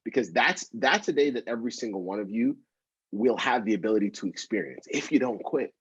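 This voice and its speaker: A man's voice: mid-range voice, expressive, brisk, husky, no echo, lo-fi sound. A man hosting an interview, talking casually and encouragingly to listening students, with many fillers and repeats. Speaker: podcast host and co-founder. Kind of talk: interview and motivational talk.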